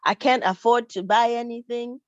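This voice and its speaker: Played by a woman, a hungry, faithful woman pleads earnestly with God in a slightly lowered voice. The recording is dull and dry. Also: steady tone, moderate pace, no echo, natural voice. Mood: pleading.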